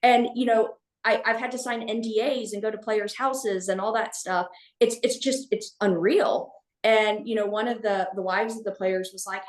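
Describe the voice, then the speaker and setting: A woman's voice: mid-range voice, steady tone. A woman telling a personal story as a podcast guest, speaking candidly, with many restarts and fillers. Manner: halting, with frequent restarts and fillers. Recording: echoey room.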